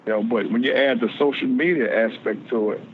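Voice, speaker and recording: A man's voice: mid-range voice, fairly quick, phone-quality sound, slight background noise. A man in his forties, a former pro football player, talking as a podcast guest and often repeating words as he searches for them. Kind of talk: casual podcast interview.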